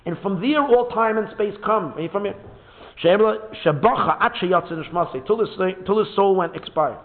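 A man giving a Hasidic Torah lecture, animated and repeating words as he searches for them, mixing in Hebrew phrases. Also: high voice, moderate pace. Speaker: rabbi teaching a Torah class. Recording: phone-like narrow sound.

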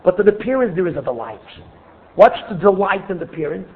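A man with a high voice gives a spoken teaching and lays out his points step by step. He stops to ask himself rhetorical questions before he answers them. The audio is thin and tinny, like a phone line. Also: big pitch swings, brisk.

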